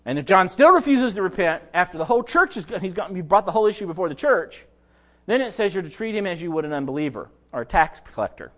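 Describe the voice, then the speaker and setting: Casual: guy preaching a sermon, high voice, real expressive, talks right to the folks. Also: fast. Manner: conversational, addresses listeners directly. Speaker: pastor.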